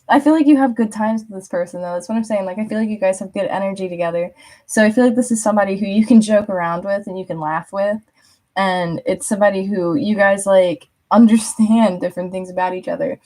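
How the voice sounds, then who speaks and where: A woman's voice: medium pitch, fast, warm tone. A young woman giving a casual spoken tarot reading, chatty with many fillers, laughing often and acting out little quotes. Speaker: tarot reader.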